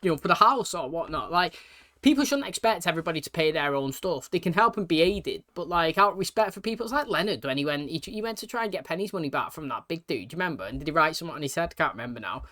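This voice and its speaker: Chatty man with a bright voice. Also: fairly high pitch, lively intonation, quick pace. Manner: chatty, repeats "you know what I mean". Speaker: reaction video host. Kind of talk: casual reaction commentary.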